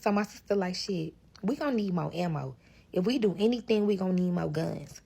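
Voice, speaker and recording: A woman's voice: lowish voice, a little fast, gravelly, slightly rough. A woman telling a long dramatic storytime in casual chat, acting out the dialogue and calling her listeners y'all. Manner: animated, acts out dialogue, addresses listeners as y'all.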